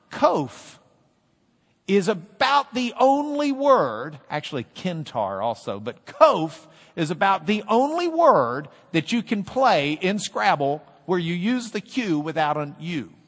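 Animated joking male teacher in a hall. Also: sits high, creaky. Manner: playful, animated, drills the class. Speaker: Bible class teacher. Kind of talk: classroom teaching with jokes.

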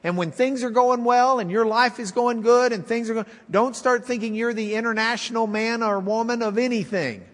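High-voiced folksy preacher in a big hall. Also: male voice, moderate pace, few pauses. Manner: folksy, conversational, wry. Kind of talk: storytelling sermon.

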